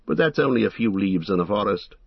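A man's voice: fairly low pitch, animated, a little fast, creaky, slightly rough, no echo, dull audio, full character voice. A man voicing a proud, competitive male elf archer who speaks lightly and boastfully in a storybook reading.

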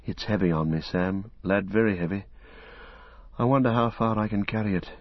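A man voicing an exhausted young male hobbit who speaks softly and wearily, half in a whisper, in a storybook reading. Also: on the low side, moderate pace, no echo, close to an everyday voice. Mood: weary. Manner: soft, weary, half-whispered. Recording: dull lo-fi recording.

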